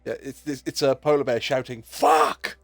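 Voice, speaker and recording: A man chatting with friends while gaming, telling jokes at length and jumping into silly voices for each quoted line. His voice is mid-pitched and the sound is dry and close to the mic. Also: fast talker, no room sound. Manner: animated storyteller, acts out quoted lines. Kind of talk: casual gaming chat.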